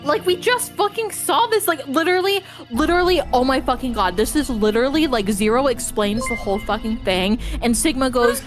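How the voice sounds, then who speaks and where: Woman streamer, fed-up ranter with lots of swearing, fairly high voice over game music. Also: brisk, hardly any pauses. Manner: exasperated ranting, heavy swearing. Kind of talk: live-stream gameplay chat.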